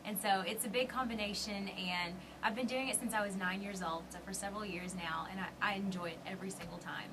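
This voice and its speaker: A woman's voice: medium pitch, fairly even intonation, fairly quick, few pauses. A young woman with a Southern US accent from Arkansas, a ventriloquist guest speaking eagerly in a radio interview. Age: young adult. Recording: distant mic with background noise.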